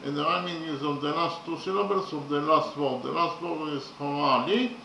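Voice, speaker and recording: A man lecturing slowly and methodically, often pausing with fillers as he works through his points. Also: a little high, vocal fry, pushed and bright, slight background noise. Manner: slow, methodical, hesitant with frequent fillers. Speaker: literature teacher. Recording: echoey room.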